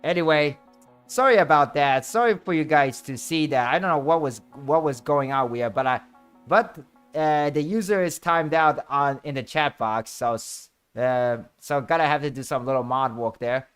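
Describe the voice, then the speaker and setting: A young man streaming a game, chatting casually with viewers and exclaiming excitedly over his luck. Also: on the high side, normal speed, clean tone, soft background music. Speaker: VTuber streamer. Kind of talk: casual livestream chat while playing.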